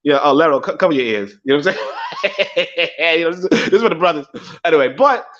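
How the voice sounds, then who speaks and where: A man's voice: a little high, lively intonation, a little fast, a bit bright. A young man hosting a casual livestream who rambles, swears freely, repeats himself and laughs often. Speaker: livestream host. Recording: dull lo-fi stream audio.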